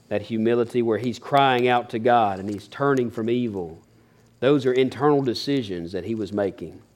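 A man's voice: mid-range voice, a little mellow. A man preaching a sermon as a pastor, folksy and earnest, building emphasis as he goes.

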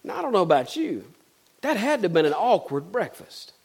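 High-voiced preacher telling a story. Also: male voice, big pitch swings, brisk, husky. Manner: storytelling, dramatic shifts from loud to hushed. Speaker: pastor. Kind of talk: sermon.

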